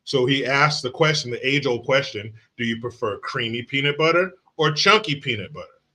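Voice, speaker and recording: A man hosting a casual livestream, reading out viewer comments and greeting people by name in an animated, profane way. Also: mid-range voice, normal speed. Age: adult father of young children. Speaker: livestream host.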